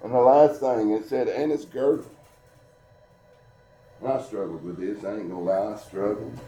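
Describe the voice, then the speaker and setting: A man's voice: on the low side, dark tone, slight background noise. Man preaching in an echoey church. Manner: earnest storytelling preaching, slows for scripture. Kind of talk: sermon. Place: church service. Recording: echoey church room with music behind.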